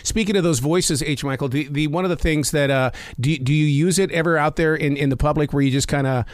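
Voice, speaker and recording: Halting male podcast interviewer, dry sound. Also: fairly high pitch, dry recording. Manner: halting, repeats words when asking. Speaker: podcast host.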